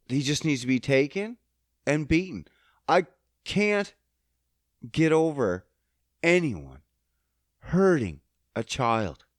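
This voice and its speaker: Give me a man on a podcast, choked up and angry, cursing through an emotional rant in a lively, fairly high voice. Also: no echo, clean studio sound. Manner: angry, heavily profane, emphatic. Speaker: podcast host.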